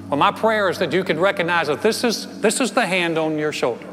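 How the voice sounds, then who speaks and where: Earnest preacher in a reverberant hall. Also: male voice, high voice, fast talker, hardly any pauses, a crowd in the background. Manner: storytelling preacher, earnest and building. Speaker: pastor. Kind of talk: sermon. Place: church sanctuary. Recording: long hall reverb with soft music.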